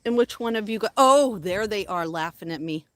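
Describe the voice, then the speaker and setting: A woman vlogging outdoors, excitedly calling and cheering at a squirrel, then dropping to mutters. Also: medium pitch, normal speed, dry recording. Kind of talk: casual outdoor vlog. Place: outdoors, yard near a hill road.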